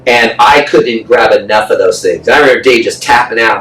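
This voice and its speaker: A man's voice: medium pitch, fairly quick, hardly any pauses, fairly bright tone. A man guest on a podcast, telling a story in a blunt, profane, casual way and acting out the voices of people he quotes. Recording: echoey room, distant mic, faint noise.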